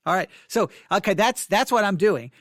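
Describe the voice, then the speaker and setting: A man hosting an informal devotional study, talking in a halting way and often repeating and correcting himself. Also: high voice, expressive, fairly bright tone, dry recording, studio quality.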